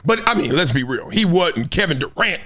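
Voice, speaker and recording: Man, middle-aged, sports commentary host, high voice, lively swooping delivery. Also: a little fast. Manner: animated, acts out quotes in other voices, laughs often. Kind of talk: animated solo sports commentary.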